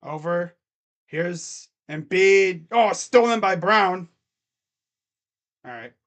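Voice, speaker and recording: Guy doing fan play-by-play, kinda slow talker, yells on big shots then mutters to himself. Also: sits high. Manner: excitable, jumps to shouting on big plays; drops to muttered asides. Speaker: fan commentator.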